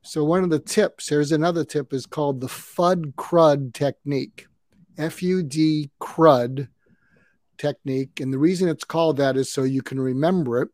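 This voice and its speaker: A man in his seventies speaking in a somewhat high voice for his age, calm and explanatory. He walks through advice step by step and acts out little exchanges. The sound is close and dry, with hardly any room around it. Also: normal speed, no echo. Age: 70s. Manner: calm, advice-giving, acts out sample dialogue. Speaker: conflict coach. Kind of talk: podcast interview guest.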